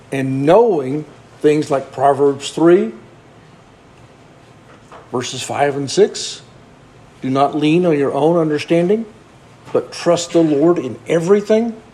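A man's voice: on the high side, darkish tone, a little hiss or hum. A man preaching a conversational sermon, asking the congregation earnest rhetorical questions.

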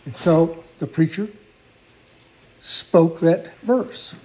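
A male preacher tells a story from the pulpit in a fairly high voice with a soft, mellow tone. He speaks earnestly and without hurry, and now and then stops to correct himself. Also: poor audio. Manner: earnest, unhurried storytelling with small restarts. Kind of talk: sermon storytelling.

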